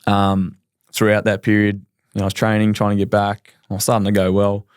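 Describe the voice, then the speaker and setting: A man in his thirties with an Australian accent, telling his story candidly in a relaxed podcast chat. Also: fairly low pitch, clear, resonant tone, no room sound, studio quality. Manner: rapid, candid, laid-back with frequent ums. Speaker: podcast guest, professional footballer.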